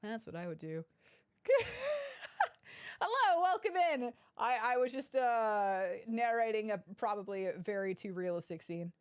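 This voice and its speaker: A woman's voice: fairly high pitch, big pitch swings, a little slow, smooth, dry recording, clean studio sound. A woman casually commenting through a game playthrough, chatty, giggly and self-deprecating. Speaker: gaming streamer.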